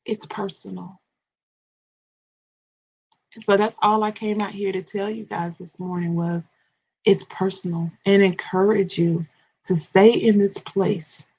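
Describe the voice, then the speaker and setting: A woman's voice: medium pitch, gravelly, husky, highs cut off. A woman coaching and ministering in a live morning devotional, addressing her listeners directly, with repetition and stammered restarts.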